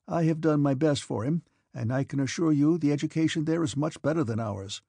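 A man's voice: fairly high pitch, fairly quick, creaky, warm tone, breathy edge, no room sound. A man voicing a crafty middle-aged prince who talks in an ingratiating, persuasive way.

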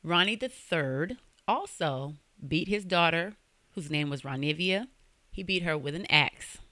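A young woman tells a true-crime story on her podcast in loose, slangy talk, cursing as she goes. Her voice is bright and forward, recorded close and dry with no room sound. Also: lowish voice, lively intonation, a little slow, no echo. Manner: conversational, slangy, swears freely. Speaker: podcast host.

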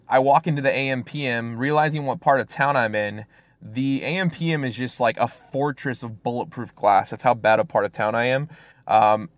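A young man from Fresno, California, appears as a guest storyteller, sharing a personal story in casual talk. His medium-pitched voice is recorded dry, and he rambles along with plenty of fillers and restarts.

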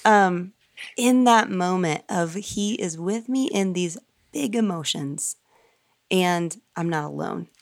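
Woman, lowish voice, dry sound, earnest emotional storytelling. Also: vocal fry, darkish tone, no room sound. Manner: earnest, emotional, quick bursts. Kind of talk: personal storytelling in conversation.

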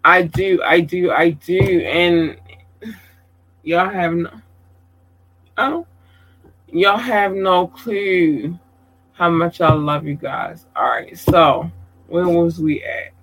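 A content creator gives shout-outs during a casual livestream chat, speaking slowly in a bright, somewhat high voice. He's effusive, calls his viewers babies, and swears casually. The recording quality is low.

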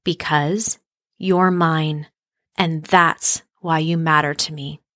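A woman reading a gentle old woodcarver. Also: medium pitch, expressive, dry recording, studio quality, natural voice. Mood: tender. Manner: gentle, slow and reassuring. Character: kind, patient male woodcarver, large and bearded.

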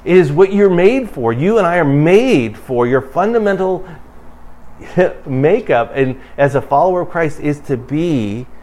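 A man's voice: lively intonation, unhurried. Conversational male pastor preaching. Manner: conversational, rising to emphatic bursts then dropping low and quiet. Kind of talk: sermon.

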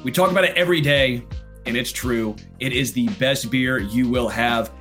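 A man's voice: mid-range voice, normal speed, a bit bright, soft background music. A man co-hosting a casual sports talk show, laid-back and laughing easily, also reading a sponsor spot. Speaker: sports podcast co-host. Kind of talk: casual sports chat with ad read.

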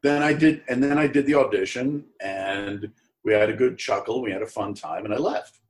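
A middle-aged man, an actor as a guest, casually telling an anecdote and acting out the people in it with jumps up in pitch. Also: normal speed. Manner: animated storyteller who acts out quoted voices in a higher pitch.

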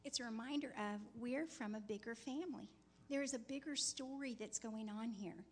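A woman sharing a teasing, lively story in a sermon alongside her husband. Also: fairly high pitch, moderate pace, a little hiss or hum.

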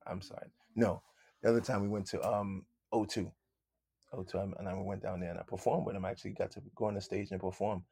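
Low-voiced musician telling stories, laughing. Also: male voice, little pitch movement, fast talker, gravelly, dark tone, slightly rough, no room sound, studio quality. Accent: light London. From London, England. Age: 50s. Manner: laughing, acts out other people's voices. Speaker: musician guest. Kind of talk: casual interview storytelling.

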